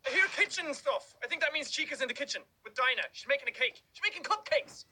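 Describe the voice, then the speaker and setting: A man doing excitable, loud gameplay commentary, shrieking and swearing as he plays. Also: very high voice, quick pace. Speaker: gaming video creator. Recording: noisy gameplay clip.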